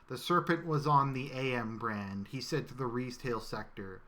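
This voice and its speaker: A man giving a scripted satirical reading in a solemn, mock-biblical cadence with deadpan asides. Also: medium pitch, moderate pace, few pauses. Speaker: satirical reader.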